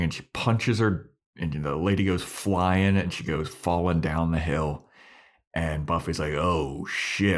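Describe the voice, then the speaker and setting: A man co-hosting a podcast, casually recapping a TV episode scene by scene and acting out the characters' lines with swearing. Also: deep voice. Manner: retells scenes with acted-out quotes and swearing. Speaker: podcast co-host.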